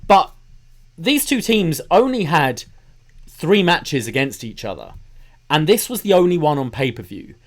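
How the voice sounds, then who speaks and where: A man co-hosting a casual wrestling podcast, measured as he recaps dates and venues. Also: on the high side, very animated. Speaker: podcast co-host.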